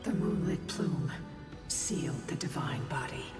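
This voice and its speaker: An actress voicing a gentle, ancient female sky spirit guide in a game, with a calm, solemn, breathy half-whispered delivery. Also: extremely low pitch, unhurried, music in the background. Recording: echoey distant game audio with long reverb.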